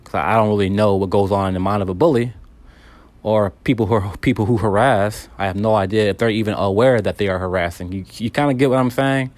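Calm, earnest man with a lowish voice. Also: quick pace, no room sound. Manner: calm and earnest, many repeated words and restarts. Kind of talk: candid self-help monologue.

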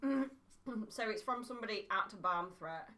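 A woman sits in on a podcast as a guest and reads out a funny post. Her pitch moves in a lively way, and she is giggly and affectionate. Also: a little slow.

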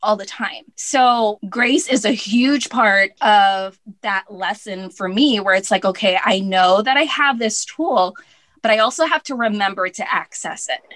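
A woman co-hosting a podcast in casual chat, talking in a chatty way with lots of "like"s and acted-out quotes, warm and affirming toward her co-host. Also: mid-range voice, measured pace, no echo.

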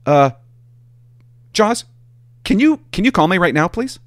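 Brief: stern female dispatcher, high and clipped, put on by a male storyteller. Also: big pitch swings, unhurried, no echo. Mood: officious. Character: curt female police dispatcher, prim and stern.

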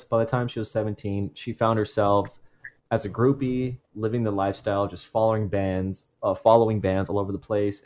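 Casting note: man, low-pitched podcast co-host, loose rambling storyteller, self-correcting, jokey asides. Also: darkish tone. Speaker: podcast co-host telling the case.

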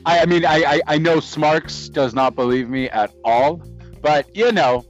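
A man's voice: fairly high pitch, a little slow, lo-fi sound, faint music behind. A Canadian man co-hosting a podcast, chatting casually and laughing at himself. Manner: animated, laughing, self-mocking. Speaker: podcast co-host.

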